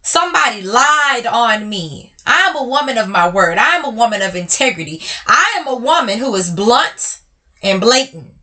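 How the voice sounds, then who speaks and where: Speaking personally and directly to her podcast audience, this host has a bright, forward voice that sits on the high side and sounds animated. She's blunt and emotional, addresses listeners as y'all, and alternates between slowing right down on heavy moments and rushing ahead.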